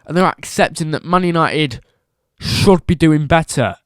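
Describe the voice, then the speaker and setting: A man's voice: a little high, unhurried, clean tone, no echo, studio quality. A man giving a casual football opinion rant as a vlogger, emphatic and repetitive, firing off rhetorical questions.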